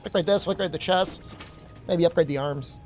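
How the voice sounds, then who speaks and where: A young man chatting casually to his chat while gaming, telling stories in an animated way. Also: on the high side, moderate pace, soft background music. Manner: chatty, animated storytelling with laughs. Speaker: streamer.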